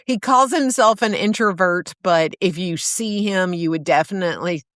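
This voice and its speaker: A woman's voice: fairly low pitch, moderate pace, no room sound, studio quality. A middle-aged woman hosting a solo podcast, telling stories in an easy, meandering way with fillers and restarts. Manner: warm storytelling with fillers and restarts. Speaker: podcast host.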